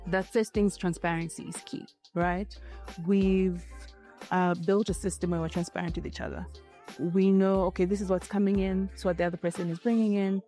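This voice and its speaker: Married woman guest, earnest and direct, low mellow voice, faint music underneath. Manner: earnest, repeats key points, frequent "right?" tags. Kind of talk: candid conversational interview.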